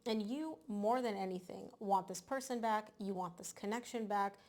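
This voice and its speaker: A woman giving a casual tarot reading to camera, animated and emphatic, often repeating words for stress. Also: medium pitch, normal speed. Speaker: tarot reader.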